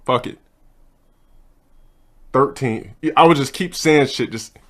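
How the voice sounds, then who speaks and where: A young man telling a casual story and ranting bluntly, with plenty of profanity and a brash, hurried delivery. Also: mid-range voice, a bit bright. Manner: blunt, profane, brash, speeds up mid-thought. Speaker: streamer.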